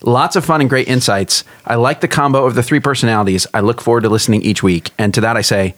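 A man's voice: mid-range voice, steady tone, quick pace, a bit bright, dry recording. Man co-host, dry close studio sound. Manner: laughs often, playful teasing. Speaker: podcast co-host. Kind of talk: casual chat and Bible teaching.

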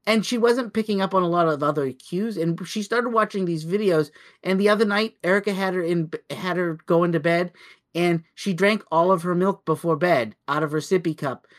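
A man's voice: sits high, normal speed. Rambling male podcast co-host. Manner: rambling storyteller with many restarts and acted-out quotes. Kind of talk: casual podcast chat.

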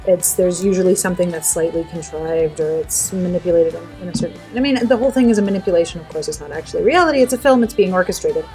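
A woman, a podcast guest, talking about a film in an animated, earnest way at length. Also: fairly low pitch, fast, hardly any pauses, faint music behind. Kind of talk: casual film discussion.

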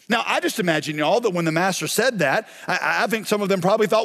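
High-voiced pastor preaching. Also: male voice, fast, creaky, few pauses, long reverb tail. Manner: animated storytelling, acting out characters. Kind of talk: sermon.

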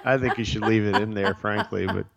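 A man's voice: lowish voice, steady tone, a little fast, vocal fry, over a noisy crowd. A man guesting on a podcast, chatting casually with frequent restarts. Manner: conversational, hesitant restarts.

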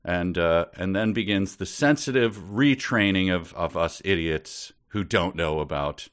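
A man's voice: sits low, a little slow, a bit bright. A man co-hosting a podcast book discussion in casual chat, sarcastic and mock-indignant, laughing often. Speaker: podcast co-host.

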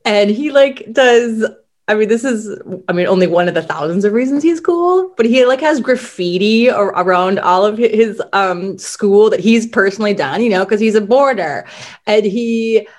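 A woman co-hosting a podcast, speaking in a relaxed, admiring way with many fillers. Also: medium pitch, moderate pace. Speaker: podcast co-host. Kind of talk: casual podcast chat.

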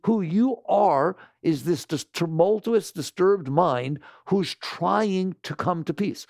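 Gravelly man giving a spiritual talk. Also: sits high, slow, dry recording, studio quality. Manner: animated, acts out imagined voices, laughs often. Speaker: spiritual teacher.

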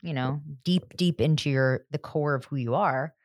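A woman's voice: deep voice, normal speed, darkish tone, no echo, studio quality. A woman co-hosting a podcast, chatting casually and wryly about a TV episode with jokes. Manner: wry, joking, playful impressions. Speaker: podcast co-host. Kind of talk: casual chat recapping a TV episode.

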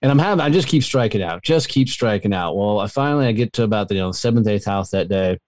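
Easygoing low-voiced storyteller man. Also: lively intonation, fast talker, a little mellow. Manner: easygoing, chummy, calls the host dude and brother. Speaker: podcast guest, Marine veteran and entrepreneur. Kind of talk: casual storytelling interview.

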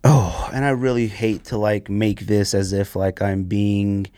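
A man hosting a casual sneaker podcast, ranting with sarcasm and sudden high-pitched bursts of emphasis. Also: flat delivery, measured pace, warm tone, no echo, clean studio sound. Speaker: podcast host.

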